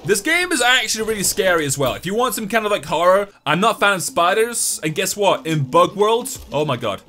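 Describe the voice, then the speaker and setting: Excitable gamer guy. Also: high voice, fairly quick. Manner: excitable and joking, talks to the game. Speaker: gaming YouTuber. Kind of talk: let's-play commentary.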